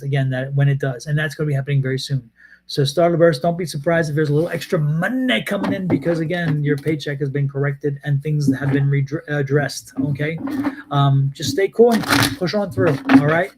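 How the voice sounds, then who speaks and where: A man with a fairly high voice giving a live tarot reading. He rambles, stops and restarts, and repeats phrases as he goes. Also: a little fast, very noisy. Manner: rambling, repeats himself, many hesitations. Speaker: tarot reader.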